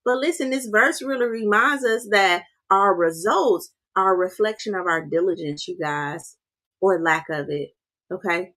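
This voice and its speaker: A woman's voice: medium pitch, measured pace, a bit bright. Chatty woman giving a motivational talk. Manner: conversational, repeats "right?" and "you guys". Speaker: host of a motivational livestream.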